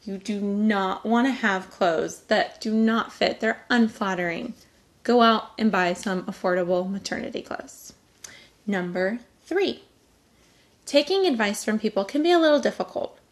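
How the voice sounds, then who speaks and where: A young woman from California talking casually to camera, giving candid, chatty advice with lively emphasis. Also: mid-range voice, measured pace. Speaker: vlogger.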